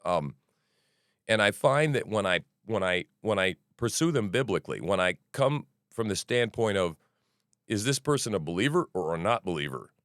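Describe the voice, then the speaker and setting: A middle-aged podcast host talks in a loose, rambling commentary, swearing freely and breaking off into asides. His voice sits low but leaps around with lively energy. The sound is dry and close, with no room around it. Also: normal speed, dry recording. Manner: animated, profane, restarts and asides.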